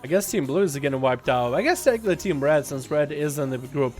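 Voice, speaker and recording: A male streamer giving rapid, chatty play-by-play commentary on a game livestream, with rambling asides. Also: fairly high pitch, a little mellow, soft background music.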